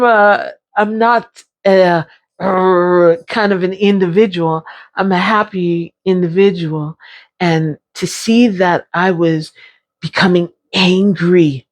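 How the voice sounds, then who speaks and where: Slow, low-voiced woman. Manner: candid, unhurried and emphatic, with repeated phrases. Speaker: brain injury survivor sharing her experience. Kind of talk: personal vlog talk.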